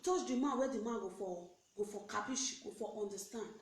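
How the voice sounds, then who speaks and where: A woman's voice: medium pitch, a little fast. Preachy Nigerian woman, echoey room. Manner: animated, preachy, mixes pidgin with English. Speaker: network marketing recruiter. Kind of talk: motivational live video rant.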